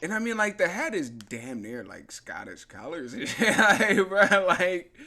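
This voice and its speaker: A man with a somewhat high voice banters and jokes in a lively way, full of slang. He is co-hosting a casual comedy podcast over a video call. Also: a little slow. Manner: animated, laughing banter with slang. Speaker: podcast co-host.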